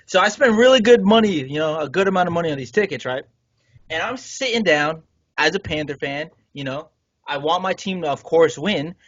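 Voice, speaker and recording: A man with a higher-than-usual, husky voice tells a podcast story with animated indignation. The sound is dry and slightly dull, like a close home podcast mic. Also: fairly quick, no room sound. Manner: animated, indignant retelling with swearing. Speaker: podcast co-host.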